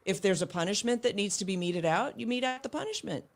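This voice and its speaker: An earnest middle-aged woman talking as an interview guest, with a voice of ordinary middle pitch. She tells her stories reflectively and often breaks off and restarts a sentence. Her tone stays conversational and sincere. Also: lively intonation, fast. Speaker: guest, homeschooling mother. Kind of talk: casual interview chat.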